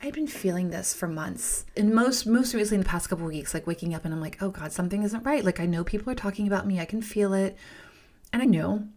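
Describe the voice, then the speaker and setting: A woman with a fast, mid-range voice and a darkish tone tells a personal story on her podcast. She's candid and emphatic, repeating words for stress, often whispering, and talking to her audience as "you guys."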